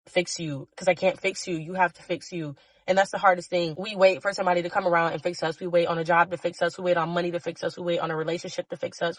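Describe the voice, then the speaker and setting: A woman's voice: lowish voice, no room sound. Passionate, blunt woman podcast host. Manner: passionate and blunt, swearing freely; emotional, preachy urging of listeners. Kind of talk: motivational solo podcast monologue.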